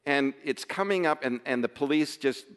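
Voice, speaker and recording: Emotional halting man telling a story. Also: fairly high pitch, fairly bright tone, clear, resonant tone, long reverb tail. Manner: emotional, halting, many restarts. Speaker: father telling a family story. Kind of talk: casual storytelling.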